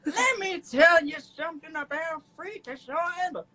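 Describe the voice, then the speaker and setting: A man's voice: very high voice, measured pace, pushed and bright, pitched above the performer's own voice, full character voice. A man putting on an old-timey elderly man's voice, offering a hard candy to a youngster. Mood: doddering.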